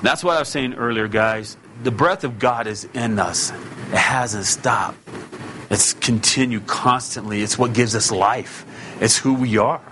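A man's voice: medium pitch, unhurried, a little hiss or hum. Emphatic man preaching a sermon. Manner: emphatic and conversational, rising to loud exhortation.

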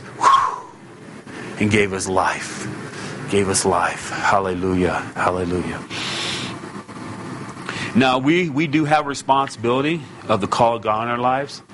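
Guy preaching to his church, chatty then fired up, bit of noise behind. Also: fairly low pitch. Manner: emphatic and conversational, rising to loud exhortation. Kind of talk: sermon.

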